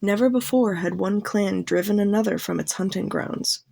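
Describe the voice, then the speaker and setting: A woman reading a novel aloud as a fan audiobook, narrating in an even, plain storytelling manner. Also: mid-range voice, normal speed, creaky, dry recording.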